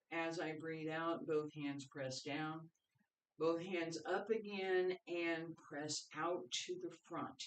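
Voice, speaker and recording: A qigong instructor leading a guided movement class, giving calm, step-by-step breathing cues. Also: mid-range voice. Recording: roomy echo, voice picked up from a distance.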